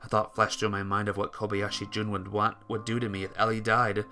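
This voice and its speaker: In a let's play, a man with a fairly low voice reads out a visual novel at a fairly quick pace. He's lively, with the odd stumble and restart.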